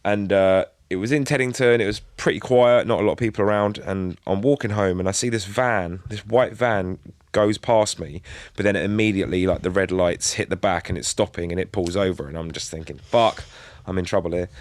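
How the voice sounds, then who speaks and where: A man's voice: deep voice, fairly quick, hardly any pauses, dry recording. A young man, co-hosting a podcast and telling a story in a laid-back, sweary way. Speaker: podcast co-host. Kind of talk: casual chat.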